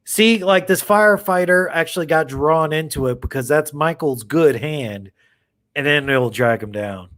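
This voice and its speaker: Livestream host, male, slightly high voice, loose rambling delivery with casual swearing. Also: moderate pace, fairly bright tone. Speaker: horror channel livestream host. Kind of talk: casual livestream chat with viewers.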